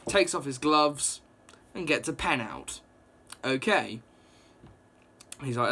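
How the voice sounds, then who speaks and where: A young man casually reviewing a comic book, rambling and excitable, with lots of fillers and restarts. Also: medium pitch, measured pace, breathy edge. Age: young adult.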